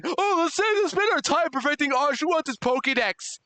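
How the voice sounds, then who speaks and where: A young man streaming a game live, chatting with viewers and loudly overreacting to surprises. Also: very high-pitched, expressive, moderate pace, no room sound.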